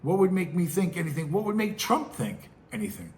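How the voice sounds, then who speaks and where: A man's voice: high voice, very animated, brisk, a little mellow. A middle-aged man, hosting his own show with casual, rambling commentary full of restarts and acted-out quotes. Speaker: podcast host.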